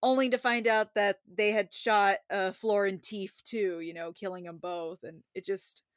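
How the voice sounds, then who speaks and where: Animated woman retelling a film. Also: medium pitch, no echo, clean studio sound. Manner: animated retelling, quoting characters in quick voices. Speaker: podcast co-host. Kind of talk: casual film review chat.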